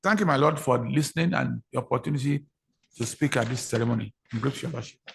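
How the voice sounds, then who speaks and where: Gravelly-voiced Nigerian man giving a formal address. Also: medium pitch, fast, a little hiss or hum. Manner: formal, deferential, repeats key phrases for emphasis. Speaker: senior lawyer giving an address. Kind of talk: formal ceremonial speech. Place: courtroom ceremony.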